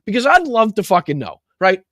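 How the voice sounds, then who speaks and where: A man with a notably high voice delivers an angry, foul-mouthed political rant as a talk show host. His delivery is mocking and heated, and the sound is dry and close with no room tone. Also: huge pitch swings, brisk, fairly bright tone, no echo. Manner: angry, heavy swearing, mocking.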